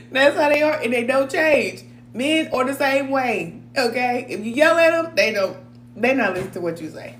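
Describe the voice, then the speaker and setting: A woman's voice: high-pitched, animated, measured pace, long pauses, reverberant, slight background noise. A woman, chatting casually on a live stream, laughing often and reading viewer comments aloud. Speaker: spiritual advisor reading cards for a live chat.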